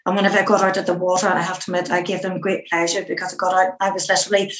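A middle-aged woman from Northern Ireland with a Northern Irish accent, telling stories as an interview guest in a lively way, with many fillers. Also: on the low side, very fast, roomy sound, low-quality recording. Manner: lively storyteller who acts out her own past remarks, with many fillers. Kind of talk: anecdotal interview storytelling.

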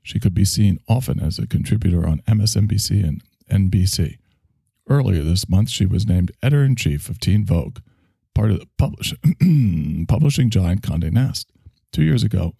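A man with a New York accent hosting a sarcastic solo podcast, reading articles and mocking them with deadpan asides. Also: normal speed, vocal fry, breathy edge, no echo, studio quality. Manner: mocking, deadpan asides and sudden shouty pitch jumps. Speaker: podcast host.

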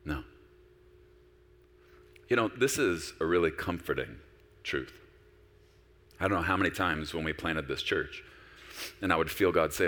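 Pastor preaching a sermon, man, low voice with bright edge, long church-hall echo. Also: unhurried, long pauses. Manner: animated preaching, with quoted voices of God and himself.

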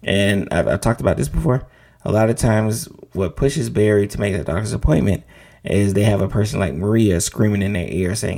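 With a lowish, gravelly, dark-toned voice at a moderate pace, a middle-aged physician host explains checkups on his show. It's casual and educational, delivered conversationally, and he keeps adding "right?" asides.

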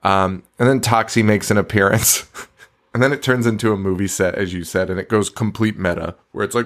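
A man's voice: fairly low pitch, lively intonation, moderate pace. A man co-hosting a podcast, casually recapping a movie in a rambling, profane way, stumbling over words and laughing often. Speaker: podcast co-host.

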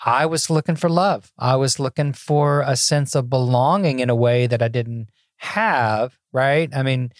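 A man's voice: mid-range voice, unhurried, dry recording. An older man in his sixties talks through his past as a podcast guest. He is folksy and self-deprecating and often stumbles over a repeated word. The sound is dry and close, with no room around it. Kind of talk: casual interview storytelling.

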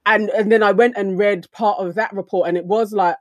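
A woman's voice: medium pitch, fairly even intonation, a little fast, hardly any pauses, dry recording. A woman in a casual discussion who reasons her way through long, reflective arguments. Her mid-range voice sounds dry and close, with no room sound. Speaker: podcast co-host.

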